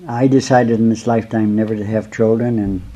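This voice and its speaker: A man, a spiritual teacher giving a slow, rambling talk to his students, whom he calls his beloved. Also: on the low side, little pitch movement, mellow, rough recording.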